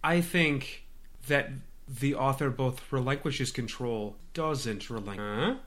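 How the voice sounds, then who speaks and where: A man's voice: mid-range voice, takes it slowly, a bit bright. A man co-hosting a casual podcast who chimes in with dry, teasing one-liners. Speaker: podcast co-host. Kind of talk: casual chat.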